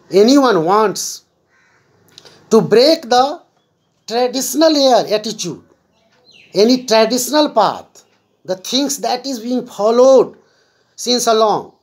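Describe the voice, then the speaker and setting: A woman English teacher giving a classroom vocabulary lesson, patiently explaining words step by step and repeating them. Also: fairly high pitch.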